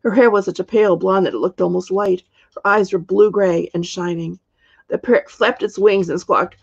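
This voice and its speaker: A woman, the author, reading her storybook aloud in a steady, measured way, in a dull lo-fi recording. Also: medium pitch, vocal fry, husky, no echo.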